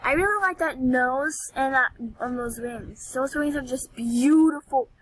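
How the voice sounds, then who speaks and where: A woman giving excitable, dramatic gameplay commentary as a gaming vlogger, squealing and whining over items. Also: high voice, unhurried, slightly rough, rough recording.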